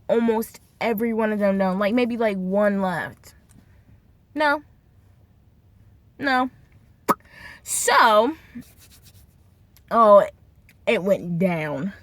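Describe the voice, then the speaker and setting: A woman's voice: mid-range voice, dry recording. Twenties woman ranting on her vlog, cussing, doing everybody's lines herself. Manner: heated, profane, acts out the people she quotes. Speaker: vlogger. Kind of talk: casual storytime rant.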